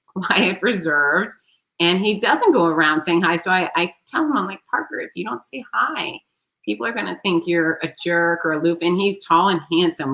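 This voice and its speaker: Woman host, middle-aged, bright and forceful tone, lower pitch, lively storyteller. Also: poor audio. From South Florida. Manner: animated storyteller, acts out quoted voices. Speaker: show host. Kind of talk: casual podcast conversation.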